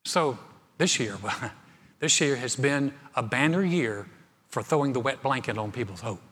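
A man's voice: medium pitch, measured pace, fairly bright tone, slightly rough. A man preaching a sermon, telling a story with humor and repeating his words as he goes. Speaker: pastor. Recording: long reverb of a large room.

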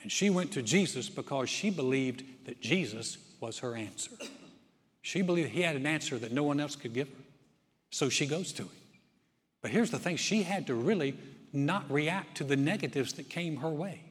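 A man preaching a sermon as pastor, swinging from loud emphatic surges down to quiet, soft-spoken stretches. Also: fairly high pitch, animated, moderate pace. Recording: long hall reverb.

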